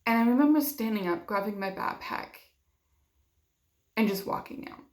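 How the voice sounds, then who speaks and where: A woman's voice: medium pitch, lively intonation, normal speed. A young woman telling a personal story in a vlog, emotional and acting out what others said to her. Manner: emotional, acts out quoted dialogue, many fillers. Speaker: vlogger. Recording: roomy echo.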